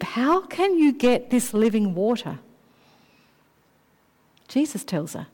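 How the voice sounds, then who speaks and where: A woman with a fairly high voice delivers a sermon, unhurried and deliberate. She stretches out key phrases for emphasis. Her words ring with the long echo of a large hall. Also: warm tone. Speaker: preacher.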